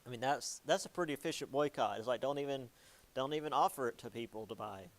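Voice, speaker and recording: A man's voice: medium pitch, fast talker. A young man giving a casual history lecture, chatty and jokey, with many ums and likes.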